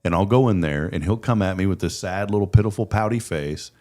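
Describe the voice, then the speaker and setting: A deep-voiced man hosts a casual morning talk show. He talks in an earnest, chatty way and often doubles up words as he gets going. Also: brisk, a little mellow. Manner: earnest, chatty, repeats words when starting sentences. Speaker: host.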